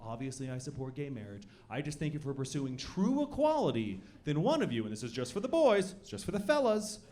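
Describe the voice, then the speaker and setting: Young guy doing deadpan standup on a club stage, kinda high voice, yells the punchlines sometimes. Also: fairly quick, few pauses. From Colorado. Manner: deadpan delivery that bursts into loud shouted act-outs. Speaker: stand-up comedian. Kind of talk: stand-up comedy set. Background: audience laughter.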